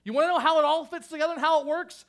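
A male pastor with a strikingly high voice delivers his sermon. He is emphatic and insistent, repeating key phrases for force. His delivery swings between raised fervor and hushed, earnest lows. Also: fairly even intonation, very fast.

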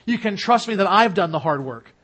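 A middle-aged male pastor preaching a sermon in church, earnest, rising loud on key points and dropping low and quiet at others. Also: expressive, fairly quick.

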